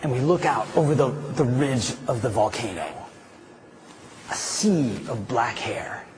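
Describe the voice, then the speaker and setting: A man telling a story as a motivational speaker, animated, with swings between loud outbursts and hushed stretches. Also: medium pitch, a little slow, background noise.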